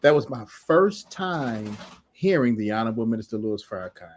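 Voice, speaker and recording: A middle-aged man telling a lively personal story as a podcast guest, laughing often and acting out the people in it. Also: medium pitch, normal speed. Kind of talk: animated storytelling.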